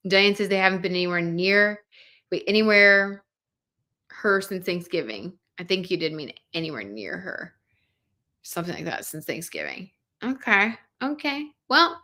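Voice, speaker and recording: A woman's voice: mid-range voice, bright, forceful tone. A young woman hosting a livestream tarot reading, chatting casually and reading viewer comments aloud with many "like" fillers. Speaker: tarot reader and livestream host.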